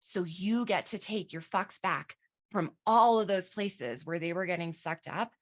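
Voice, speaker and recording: A woman coach leading a guided visualization over a live online session, slow and soothing, swearing now and then. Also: lowish voice.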